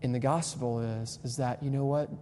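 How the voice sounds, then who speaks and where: A young man preaching a sermon to students as their pastor. He moves from quiet, tender stretches to loud, fervent exhortation. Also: mid-range voice, fairly even intonation, normal speed. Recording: long hall reverb, faint hum.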